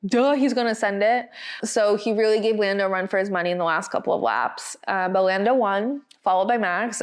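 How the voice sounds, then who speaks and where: Chatty woman recapping a race. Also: mid-range voice. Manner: chatty, expressive storytelling. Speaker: podcast co-host. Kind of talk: casual podcast race recap.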